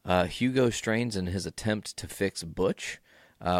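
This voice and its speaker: Tired, casual low-voiced man. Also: unhurried, dry recording, clean studio sound. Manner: casual, rambling, swears freely. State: yawning, tired. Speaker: podcast host. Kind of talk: solo podcast recap.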